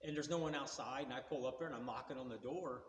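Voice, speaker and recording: A man's voice: mid-range voice, quick pace, slight background noise. A man in his sixties telling rambling car stories in a folksy, plain-spoken way. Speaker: car vlogger. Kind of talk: casual storytelling. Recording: roomy with long reverb.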